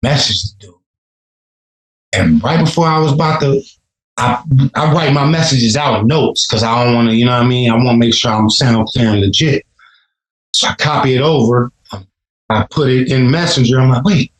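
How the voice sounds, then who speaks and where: A man from Chicago talks in a relaxed, profane way, spinning long stories. His voice sits at an ordinary pitch. The room around him is echoey. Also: moderate pace. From Chicago, USA. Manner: laid-back, profane, storytelling. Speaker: rapper guest. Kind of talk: casual podcast interview.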